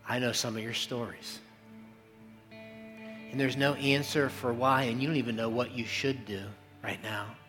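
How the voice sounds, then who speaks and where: A male pastor giving a sermon in a church service, with slow, emphatic, pleading phrasing and repeated lines. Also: medium pitch, fairly even intonation, over music.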